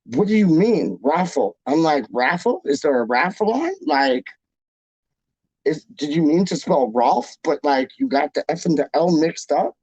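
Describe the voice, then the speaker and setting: A man's voice: fairly high pitch, a little slow, husky, no room sound, lo-fi sound. Slangy, jokey streamer man, dry sound. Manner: animated, jokey, slangy riffing. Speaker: livestream host reading chat. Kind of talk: casual chat.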